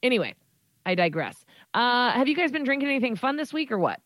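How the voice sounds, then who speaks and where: A woman hosting a podcast in casual chat, playful and quick to laugh. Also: fairly high pitch, very animated, a bit bright, no room sound, studio quality. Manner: playful, laughs often, jokey put-on voices. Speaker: podcast host.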